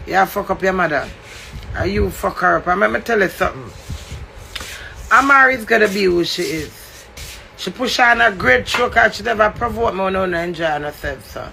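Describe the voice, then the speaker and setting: Gravelly Jamaican man ranting. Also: sits high, sharp tone, a little hiss or hum. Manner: confrontational, swearing, preachy. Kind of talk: heated rant.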